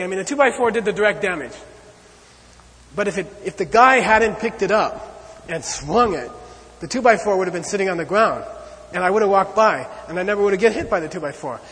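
A man teaching a lecture on Buddhist ideas, talking in an animated, conversational way and checking in often with "okay?" and "you know.". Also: sits high, fairly quick. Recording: long hall reverb.

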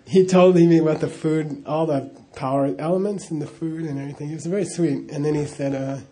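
A man's voice: fairly high pitch, steady tone, a little fast, dark tone. A middle-aged man telling a personal story in a casual, rambling way, with frequent chuckles and "you know" asides. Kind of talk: casual spoken anecdote.

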